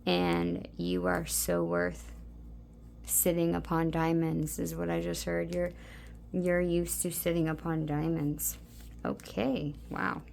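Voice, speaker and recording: A woman giving a soft, meandering spiritual card reading, talking intimately to her listeners with many fillers. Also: lowish voice, flat delivery, slow pace, creaky. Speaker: tarot card reader.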